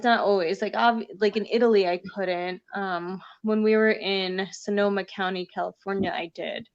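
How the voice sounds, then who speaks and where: A woman's voice: on the low side, vocal fry. Chatty woman comedian, lo-fi audio. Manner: chatty, lots of fillers. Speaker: comedian guest. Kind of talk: casual conversation.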